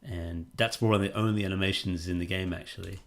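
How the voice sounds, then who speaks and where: A man, a game developer giving rambling, relaxed gameplay commentary with plenty of fillers. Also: low-pitched, fast.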